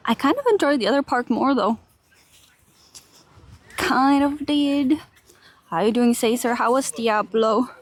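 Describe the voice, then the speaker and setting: Young finnish girl walking a park on stream, giggly, talks to chat, a bit high pitched. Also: a little fast, few pauses. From Finland. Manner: chatty, giggly, reads and answers chat while walking. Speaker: IRL streamer. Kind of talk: casual live-stream chat. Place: large park outdoors.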